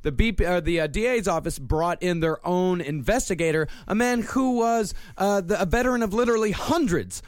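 A man's voice: sits high, expressive, brisk, few pauses, no echo, studio quality. A man hosting a casual true-crime podcast, laying out the case step by step and swearing freely. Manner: profane, explanatory storytelling. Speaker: podcast host.

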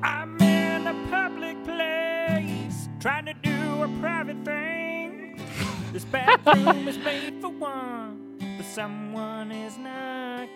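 A man's voice: very high voice, moderate pace, pitched above the performer's own voice. A man singing a silly song in a put-on nasal voice. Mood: goofy. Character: nasal-voiced male singer in a goofy bathroom song. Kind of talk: comedic song recording. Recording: song with loud backing music.

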